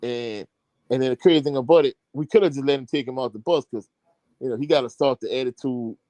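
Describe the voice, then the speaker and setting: A man, a high school coach, telling a long sports anecdote in casual chat with slang and many fillers. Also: quick pace, mellow, dry recording. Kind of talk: casual podcast storytelling.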